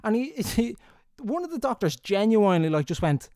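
A man's voice: high-pitched, big pitch swings, moderate pace, darkish tone, no room sound. A young Irish man telling stories casually into a close mic, rambling, laughing and swearing as he goes. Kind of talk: casual anecdotal storytelling. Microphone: close studio mic.

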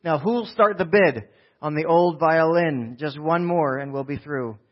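A man's voice: fairly high pitch, measured pace, pitched above the performer's own voice. A man voicing a folksy male auctioneer from a storybook poem, coaxing the crowd with sales patter over a dull, lo-fi recording. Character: folksy male auctioneer hawking an old violin.

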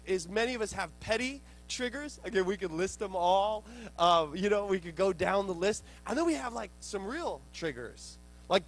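A young man, preaching a storytelling sermon and acting out the dialogue with lots of restarts. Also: high-pitched. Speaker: pastor.

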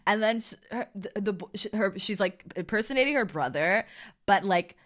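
A woman's voice: mid-range voice, lively intonation, normal speed. A woman co-hosting a podcast, recapping a movie in casual, rambling chat full of fillers and laughs. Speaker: podcast co-host.

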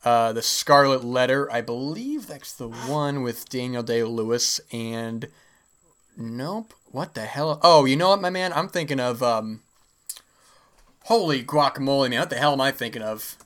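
Rambling bright-voiced man, dry throat. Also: medium pitch, animated, unhurried. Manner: rambling, heavy on fillers. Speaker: podcast host. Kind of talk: casual solo talk.

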